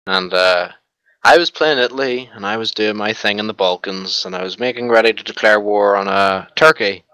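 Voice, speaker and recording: A man's voice: on the low side, moderate pace, clear, resonant tone, no echo, low-quality recording. A man telling a swearing-laced war story to friends in a casual gaming voice chat. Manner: animated storyteller, swears freely.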